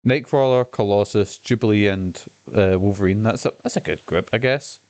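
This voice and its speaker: A man's voice: fairly low pitch, normal speed, a little mellow. A man chatting casually while streaming a game, enthusiastic and swearing freely. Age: adult. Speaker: gaming streamer. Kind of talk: casual gameplay commentary.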